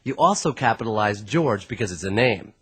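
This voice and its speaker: A man's voice: on the low side, expressive, a little fast, husky. A man reading scripted instructional narration in a plain, explanatory way.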